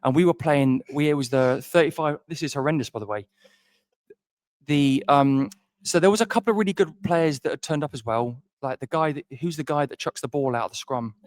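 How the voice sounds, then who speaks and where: A man's voice: a little high, fairly quick, a little mellow, no room sound, clean studio sound. A man co-hosting a podcast, telling a long self-deprecating story in a rambling way with many restarts. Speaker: podcast co-host. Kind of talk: casual storytelling chat.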